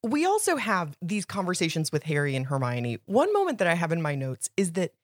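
A woman's voice: on the low side, wildly swooping pitch, fairly quick, no room sound, studio quality. A young woman co-hosting a podcast, chatting casually about a book in an opinionated way, with lots of "like.". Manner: chatty, opinionated, heavy use of "like". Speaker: podcast co-host.

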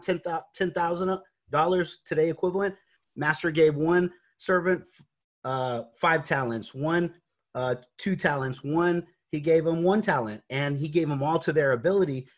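A man's voice: mid-range voice, a little fast. A man speaking as an interview guest, earnest and faith-driven, telling his story with many fillers and restarts. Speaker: guest, real estate investor.

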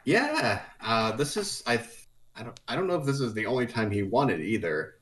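A man co-hosting a podcast in casual chat, hesitant and halting as he corrects details. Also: medium pitch, big pitch swings, a bit bright, slight background noise. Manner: hesitant, many fillers and restarts. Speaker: podcast co-host.

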